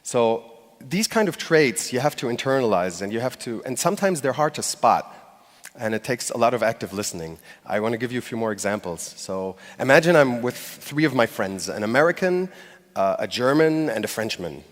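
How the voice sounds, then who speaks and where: Male stage speaker, mid-pitched, conversational and halting with fillers, long hall reverb. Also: sing-song. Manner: conversational, hesitant with fillers and restarts; acts out short quoted phrases with light laughs. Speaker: conference speaker. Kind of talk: live public talk.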